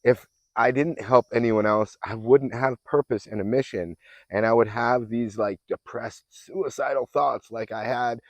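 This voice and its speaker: A man's voice: mid-range voice, unhurried, dry recording. A man working as a fitness and mindset coach gives an earnest, affirming motivational talk that sometimes rambles and restarts. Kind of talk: motivational self-help talk.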